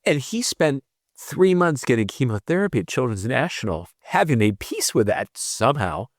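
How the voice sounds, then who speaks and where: A man's voice: medium pitch, very animated, no room sound, clean studio sound. A man, a podcast guest, telling a personal story in an earnest, teary way, often restarting his sentences. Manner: earnest, fast rambling with repeated restarts. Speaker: podcast guest, tutoring expert. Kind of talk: emotional conversational storytelling.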